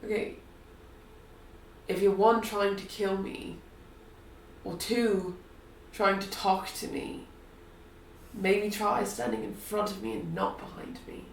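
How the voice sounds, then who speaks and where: A woman's voice: medium pitch, lively intonation, slow pace, vocal fry, long pauses, echoey room, distant mic, slight background noise, rough recording. A woman playing a tabletop role-playing game, blunt and curious, who swears casually. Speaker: player.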